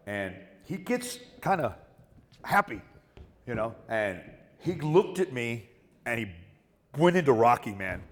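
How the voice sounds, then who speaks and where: A middle-aged man telling rambling, profane stories as a guest on a convention panel. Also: on the low side. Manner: rambling, profane, animated storytelling with whoops. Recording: echoey hall with long reverb.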